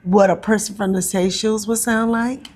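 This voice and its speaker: Lady chatting as a guest, ums a lot, mid-pitched voice. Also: fairly even intonation, darkish tone. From North Carolina, USA. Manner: chatty, frequent ums and pauses. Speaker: actress and comedian guest. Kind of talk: casual interview chat.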